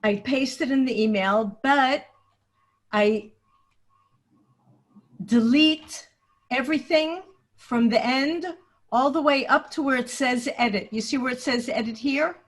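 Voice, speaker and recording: A woman's voice: high-pitched, measured pace, pauses often. A woman leading a video-call webinar, explaining a computer task step by step and thinking aloud as she goes. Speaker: teacher trainer leading a webinar. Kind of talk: screen-share tutorial. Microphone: computer mic on a video call.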